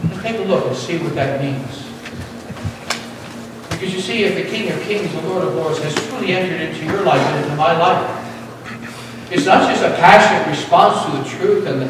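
A man's voice: on the high side, background noise. A pastor preaching a sermon, driving his points home with emphatic repetition and rising emphasis. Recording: echoey hall from far off.

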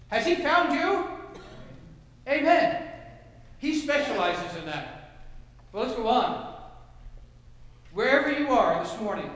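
Preaching man in a reverberant hall. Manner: swings from low and soft to loud shouted cries. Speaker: pastor. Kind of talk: sermon. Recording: echoey hall with long reverb.

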